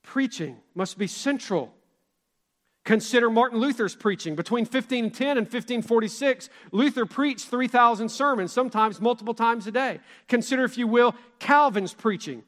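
A man's voice: very high voice, normal speed, fairly bright tone, long reverb tail. A man preaching a sermon from the pulpit, emphatic and full of rhetorical questions. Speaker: pastor. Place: church sanctuary.

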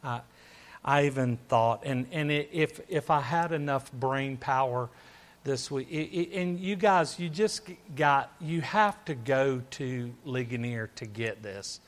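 A man's voice: mid-range voice, unhurried. A man preaching a sermon, emphatic and repetitive, firing off rhetorical questions to his listeners.

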